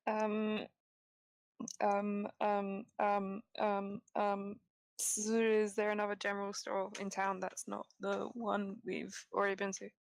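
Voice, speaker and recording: A woman's voice: mid-range voice, monotone, slow pace, vocal fry, no echo. A woman playing a tabletop game, talking in a hesitant, playful way. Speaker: player.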